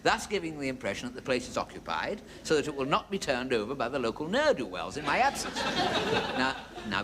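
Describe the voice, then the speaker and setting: A man's voice: medium pitch, huge pitch swings, a little fast, heavy background noise. A man telling a long joke on stage in a dry, chatty way with asides. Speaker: comedian. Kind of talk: stand-up monologue.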